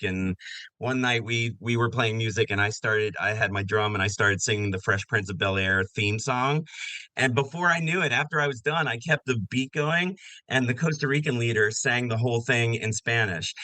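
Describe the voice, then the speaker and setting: Bright-voiced man in his fifties telling stories. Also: on the low side, no room sound, low-quality recording. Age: 50s. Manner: animated storyteller who acts out quoted voices. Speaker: podcast guest. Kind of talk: casual storytelling interview.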